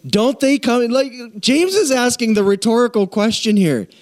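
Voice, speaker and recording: Speaking at normal speed in a very high-pitched voice, a male pastor delivers a humorous, conversational sermon. He pokes fun at himself and invites the congregation to respond.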